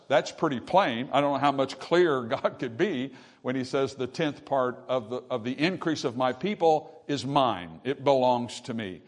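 A man's voice: medium pitch, lively intonation, normal speed. A man delivers a sermon in a mid-range voice. He teaches patiently, asking the congregation rhetorical questions and repeating key phrases for emphasis. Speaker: pastor.

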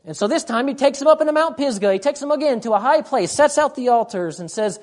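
A woman's voice: sits high, expressive, fast, hardly any pauses, a little mellow. A woman preacher delivering a sermon, emphatic, repeating her points and often urging "listen".

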